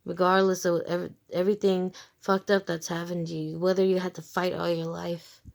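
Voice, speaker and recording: Gravelly-voiced woman giving a tarot reading. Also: on the low side, little pitch movement, normal speed. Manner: frank and emphatic, swears freely, addresses the viewer as you; speaks in short bursts, repeats phrases. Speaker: tarot reader. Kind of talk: casual spoken tarot reading.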